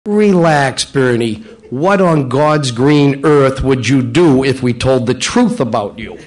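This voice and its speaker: A man doing a calm, dry newspaper editor. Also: mid-range voice, takes it slowly.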